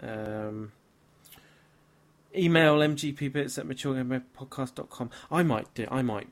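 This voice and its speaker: A man's voice: mid-range voice, a little slow. A tired, slightly tipsy man hosting a casual podcast, talking in a weary, grumbling, self-mocking way. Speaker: podcast host.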